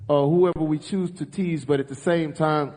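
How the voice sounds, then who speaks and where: A man's voice: fairly high pitch, fairly even intonation, normal speed, warm tone. A man hosting a live talk show, talking earnestly and rambling with many filler uhs. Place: ballroom stage before a live audience. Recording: echoey ballroom, long reverb.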